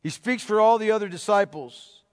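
Emphatic high-voiced male pastor preaching. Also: moderate pace, clean tone, big-room sound. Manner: emphatic, rhetorical questions to the congregation; dramatic drops to a hushed voice. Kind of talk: sermon.

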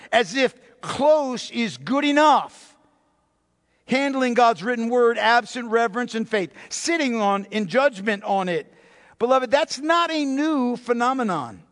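A man preaching a sermon as a pastor, emphatic, repeating phrases and slowing down to stress key words. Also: very high-pitched, a bit bright. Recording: long reverb of a large hall.

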